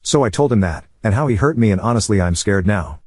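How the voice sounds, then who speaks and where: A man narrating an online post as scripted narration, with a brisk, even reading. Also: lowish voice, no room sound, studio quality. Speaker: story narrator.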